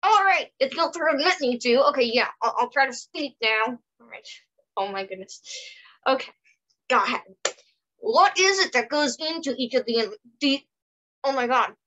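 Bright, high-voiced giggly woman co-host. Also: lively intonation, normal speed, lo-fi sound. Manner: giggly, playful. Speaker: podcast co-host. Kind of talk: casual podcast interviewing.

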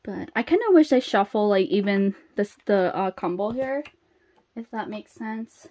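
A woman chatting casually as she unboxes, excitable and gasping at each reveal, then dropping to soft murmurs in between. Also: mid-range voice, normal speed. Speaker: unboxing vlogger.

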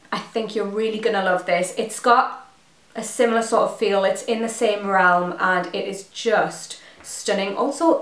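A woman's voice: mid-range voice, reverberant. An English woman vlogger reviewing fragrances to camera, gushing and enthusiastic as she lists scent notes one by one. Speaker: beauty vlogger.

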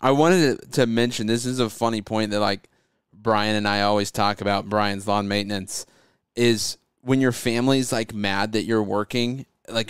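A man's voice: on the low side, steady tone, normal speed, clear, resonant tone, dry recording, clean studio sound. A man hosting a podcast, chatting in an easygoing way and laughing often. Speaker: podcast host. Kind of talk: casual podcast chat.

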